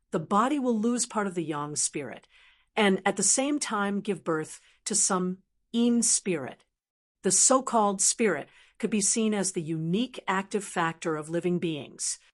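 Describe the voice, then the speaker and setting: A woman narrator at middle pitch voices a wealthy necromancer knight in a fantasy audiobook, playing him calm and proud. He speaks evenly and explains things patiently.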